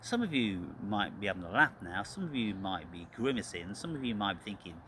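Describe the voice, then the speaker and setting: Casual guy venting hard, swears a lot, keeps saying "people", lively up-and-down voice. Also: on the low side, moderate pace, few pauses, slight background noise. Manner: profane, ranting, repetitive, addresses listeners as "people". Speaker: channel host. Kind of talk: angry spiritual vlog rant.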